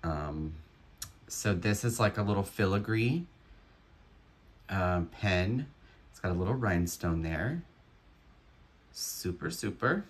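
A man's voice: low-pitched, animated, a little slow, long pauses. A man who resells jewelry, giving unboxing commentary and musing aloud with admiring remarks.

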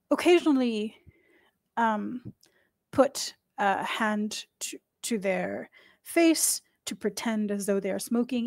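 A woman game master narrating a tabletop game in an unhurried, descriptive way. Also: mid-range voice, gravelly, a little mellow, no room sound.

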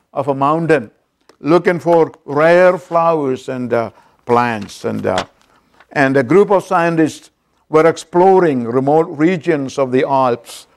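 Slow-speaking preacher telling a story. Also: male voice, fairly high pitch. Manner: storytelling preacher with call-outs to the congregation. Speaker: pastor. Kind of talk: sermon.

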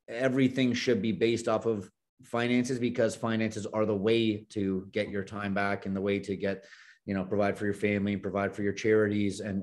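A man's voice: on the low side, a little mellow. A man co-hosting a podcast, asking earnest, conversational questions. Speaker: podcast co-host. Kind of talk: podcast interview.

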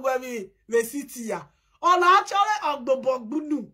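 A young Nigerian woman rattles off lively gossip in a high, bright voice. She laughs often, bursts into shouts and puts on other people's voices as she tells the story. Her delivery is loose and excitable from start to finish. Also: moderate pace, slightly rough. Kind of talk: animated gossip monologue in Pidgin.

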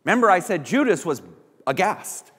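A man's voice: high voice, sing-song, moderate pace, a bit bright, slightly rough. A man preaching a sermon as pastor, acting out little voices of the people he quotes. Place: church sanctuary. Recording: church hall reverb.

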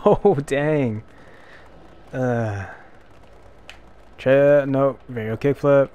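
Slow, self-mocking young gamer. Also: male voice, mid-range voice, muffled recording. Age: young adult. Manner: self-deprecating, loud frustrated outbursts. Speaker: gameplay commentator. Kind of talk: casual let's-play commentary.

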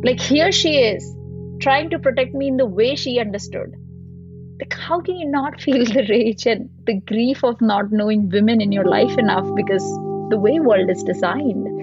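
A woman, a podcast guest, telling a deeply personal story in an earnest, reflective way. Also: moderate pace. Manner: reflective, earnest, voice wavering with emotion. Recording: dull lo-fi sound with soft music.

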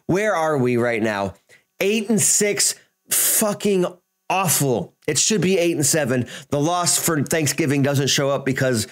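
Pitched on the high side, this man runs a gaming channel and fills his commentary with ranting and swearing. He veers from shouting to muttering under his breath.

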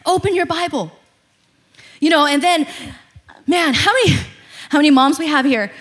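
A woman pastor in her thirties preaching a sermon in an animated, conversational way, laughing often. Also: high voice, normal speed.

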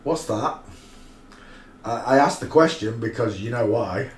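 A man's voice: mid-range voice, a little slow. A man hosting a live stream, giving rambling, mocking commentary full of crude asides. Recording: roomy echo, faint noise.

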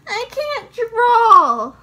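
Brief: a high-voiced little kid who flares up quickly, put on by a woman reader. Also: lively intonation. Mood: upset. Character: small child, quick to get upset.

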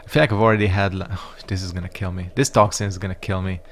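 A man's voice: sits low, fairly even intonation, fast, slight background noise. A man giving casual let's-play commentary, rambling and reacting to the game with frequent swearing. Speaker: gaming YouTuber.

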